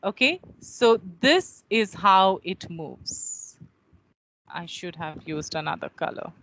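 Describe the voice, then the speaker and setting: A woman teaching a phonetics lesson over a video call, speaking slowly and repeating words to model how they are pronounced. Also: lowish voice, animated, fairly bright tone, slight background noise, poor audio. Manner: slow and measured, repeating words to model pronunciation. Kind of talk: online phonetics lecture.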